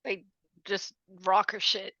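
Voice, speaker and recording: A woman co-hosting a podcast in casual chat, chiming in with quick reactions and corrections. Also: medium pitch, flat delivery, sharp tone, no echo, lo-fi sound. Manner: chimes in with short reactions and corrections. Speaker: podcast co-host.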